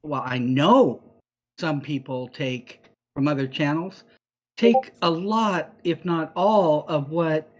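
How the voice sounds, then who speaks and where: A woman's voice: lowish voice, darkish tone, poor audio. Conversational woman on a panel. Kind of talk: casual panel discussion.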